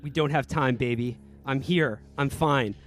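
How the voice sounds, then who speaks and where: A man's voice: medium pitch, measured pace, faint music behind. A man co-hosting a comedy podcast, reading a novel aloud in a mock-earnest tone and breaking into laughter. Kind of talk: comedic dramatic reading with banter.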